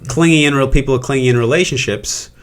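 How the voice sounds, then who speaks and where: A man co-hosting a podcast in casual chat, reflective and halting, restarting his sentences. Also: medium pitch. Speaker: podcast co-host.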